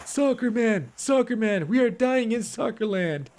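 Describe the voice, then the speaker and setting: A man's voice: very high-pitched, expressive, unhurried, a little mellow, pitched above the performer's own voice, full character voice. A man voicing a goofy young American bro with an exaggerated, drawling voice, calling his buddies over to play.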